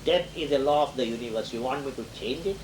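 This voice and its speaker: A man's voice: medium pitch, fast talker, slight background noise, low-quality recording. A man giving a lecture on poetry who reads verse lines aloud and then explains them, with occasional chuckles.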